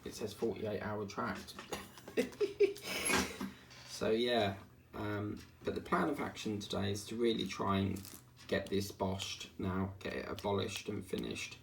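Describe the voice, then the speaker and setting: A man's voice: on the low side, steady tone, a little slow, vocal fry, long pauses. Rambling man chatting while crafting. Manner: rambling, chatty, grumbling asides. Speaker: diamond painting vlogger. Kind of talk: casual chat while crafting. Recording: distant mic, faint background hiss.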